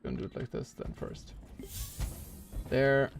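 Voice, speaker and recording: A man's voice: measured pace, soft background music. A man streaming a speedrun, rambling casually and thinking aloud with lots of filler words. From Norway. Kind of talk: casual live-stream chat while playing.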